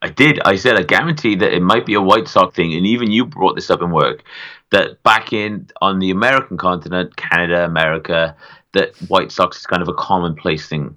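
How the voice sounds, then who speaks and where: Deep, bright-toned bantering podcast man. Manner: bantering, quick to tease and push back. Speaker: podcast co-host. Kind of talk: casual podcast chat.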